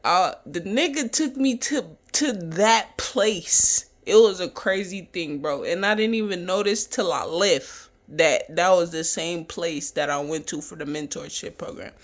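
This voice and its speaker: Profane, animated young man telling a story. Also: high-pitched. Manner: profane, animated, acts out quoted voices. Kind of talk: casual storytelling.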